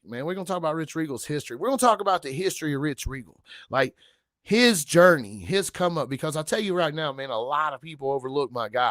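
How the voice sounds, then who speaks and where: A man hosting a casual livestream, rambling loosely with slang and profanity, giving viewers shout-outs. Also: mid-range voice, no room sound, studio quality. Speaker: livestream host.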